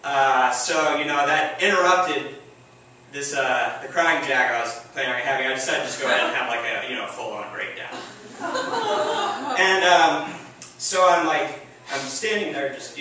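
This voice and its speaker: A man telling a true story on stage, wry and self-mocking, halting often with fillers. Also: mid-range voice, bright, forceful tone, slight background noise. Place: theater stage. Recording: echoey room, distant mic.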